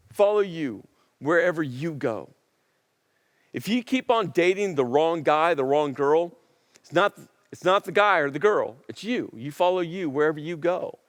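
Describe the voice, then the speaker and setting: A male pastor preaching a sermon in an animated way, acting out dialogue and repeating lines for emphasis. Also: a little high, big-room sound.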